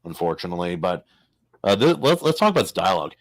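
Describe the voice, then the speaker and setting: A man with a very low, deep voice talks through a comic in a casual podcast. He gets excitable, jumping up in pitch and tripping over restarts. The sound is dry and close. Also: quick pace, dry recording. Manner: excitable, jumps in with rising pitch, stumbles and restarts. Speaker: podcast co-host.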